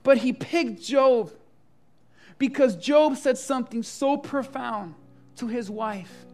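A passionate pastor delivers a live church sermon, moving between quiet, heavy moments and loud, rousing appeals. Throughout, a guitar plays clearly beneath the voice. The delivery is sure and direct and keeps pulling the congregation in. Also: medium pitch, slow pace. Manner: impassioned preaching that swings from hushed to loud, asks the congregation "amen?". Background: soft guitar music.

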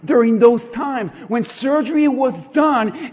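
A man with a strikingly high voice preaches a sermon, calling out questions to the congregation and pressing his points with growing force. His words ring out with a long reverb, as if he stands in a large church hall. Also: lively intonation, measured pace, hardly any pauses. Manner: preaching with rising intensity, rhetorical questions to the congregation. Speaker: pastor.

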